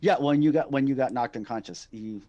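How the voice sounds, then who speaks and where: A man acting as game master for a tabletop game, speaking at a mid pitch. He stops and restarts often and fills the gaps with "um" and "uh". The recording is plain online voice chat. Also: mellow, no echo. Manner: halting, with many fillers and apologies.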